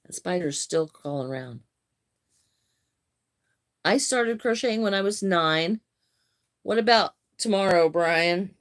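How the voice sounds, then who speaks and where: Slow-talking older woman live streamer. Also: on the low side, expressive. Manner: unhurried, friendly, greets viewers by name. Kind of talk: casual live-stream chat answering viewer comments.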